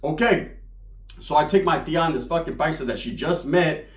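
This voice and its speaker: A man's voice: a little high, moderate pace. A young man telling a comedic story in profane, slangy street talk. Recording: roomy echo.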